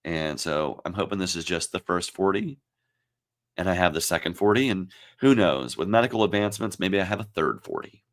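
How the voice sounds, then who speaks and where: A man turning forty, hosting his own livestream and talking in a reflective, halting, emotional way, with many pauses and fillers. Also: sits low, lively intonation. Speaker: livestream host. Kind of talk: casual livestream talk.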